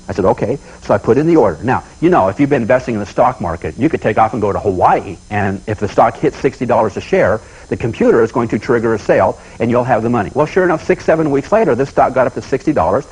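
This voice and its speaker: Guy from the us doing a seminar talk, husky voice, fast, folksy stories. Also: mid-range voice, rough recording. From United States. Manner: folksy storyteller, animated, repeats himself. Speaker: seminar speaker. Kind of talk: motivational talk.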